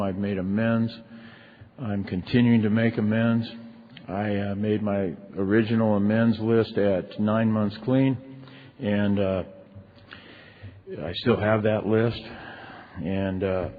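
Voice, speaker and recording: Husky man telling his story in a hall. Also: on the low side. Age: middle-aged. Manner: candid and conversational, many "you know" and "man" fillers. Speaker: recovery meeting speaker. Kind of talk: personal story told from a stage. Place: large convention ballroom. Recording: tinny lo-fi recording with long hall reverb.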